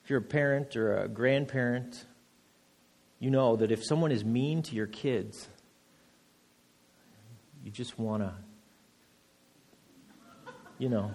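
A man pastor giving a sermon, reading scripture slowly and then preaching with rising emphasis and repeated words. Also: medium pitch, a little mellow. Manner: repeats words when restarting phrases. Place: church.

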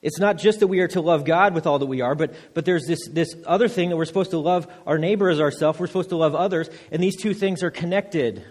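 A man pastor giving a sermon, reading scripture slowly and then preaching with rising emphasis and repeated words. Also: on the high side, a little mellow, slightly rough. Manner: repeats words when restarting phrases. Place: church.

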